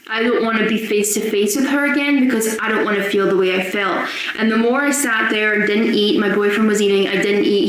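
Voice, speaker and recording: Young woman in an echoey room. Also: fairly high pitch. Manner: earnest, emotional recounting. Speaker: guest sharing a story. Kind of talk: personal storytelling. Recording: very echoey room with faint noise.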